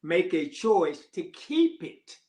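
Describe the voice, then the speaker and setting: A man who is a pastor co-hosting a marriage talk show, speaking slowly and deliberately and reading quotes aloud. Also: high-pitched, very animated, a little mellow. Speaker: pastor and co-host. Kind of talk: casual chat.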